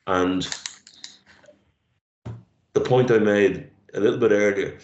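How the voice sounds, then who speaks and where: A middle-aged man co-hosting a casual chat, reflective and halting, his voice catching with emotion. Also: lowish voice, darkish tone, slight background noise. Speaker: podcast co-host. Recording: roomy lo-fi sound.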